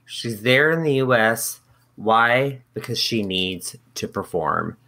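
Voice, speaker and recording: A woman co-hosting a casual history podcast, narrating slowly with playful jokes. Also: extremely low pitch, animated, a bit bright. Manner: slow, playful, jokey narration. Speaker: podcast co-host.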